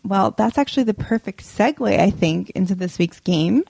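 A woman's voice: mid-range voice, lively intonation, moderate pace, gravelly, darkish tone, slightly rough, dry recording. A young woman co-hosting a casual podcast, upbeat, laughing often as she runs a game. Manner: upbeat, reads remarks aloud, laughs often. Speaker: podcast co-host, game presenter. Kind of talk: casual chat.

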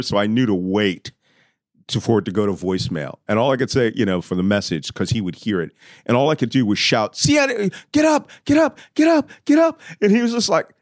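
A middle-aged man with a fairly low voice tells a story in a relaxed, conversational way. He acts out what he said back then, sometimes raising his voice. The sound is close and dry. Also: no echo. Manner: vivid, acts out his own past lines, loudly at times. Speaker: podcast guest.

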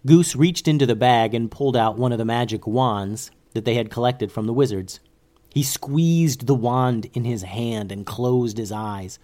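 A man narrating a children's adventure story in a calm, expressive storytelling voice. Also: medium pitch, measured pace.

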